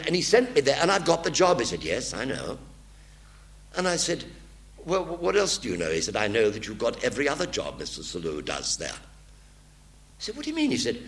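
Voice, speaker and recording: Older man, animated storyteller. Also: mid-range voice. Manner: animated, acts out the voices in his stories. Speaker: actor telling anecdotes. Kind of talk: anecdotal storytelling.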